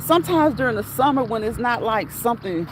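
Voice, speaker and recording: A woman's voice: fairly high pitch, animated, a little fast, background noise. A woman hosting a casual livestream, reading chat comments aloud and laughing often until she cries. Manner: laughs often until crying, talks straight to viewers.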